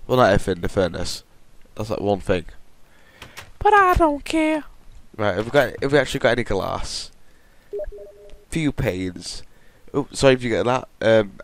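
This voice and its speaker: A man casually commenting on his building game, rambling and correcting himself as he goes. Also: on the low side. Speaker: Minecraft let's play host.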